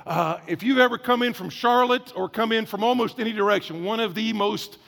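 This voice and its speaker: A pastor delivers a sermon in a high, gravelly man's voice. He preaches in a lively, conversational way, acting out little asides. The sound rings with the long reverb of a large hall. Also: brisk.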